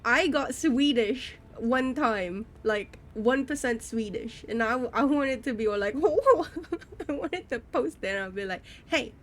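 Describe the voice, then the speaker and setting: A woman's voice: on the high side, a little slow, hardly any pauses. A young woman with an English accent, streaming live and chatting casually, full of "like" and restarts. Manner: chatty, many fillers and restarts, frequent laughs.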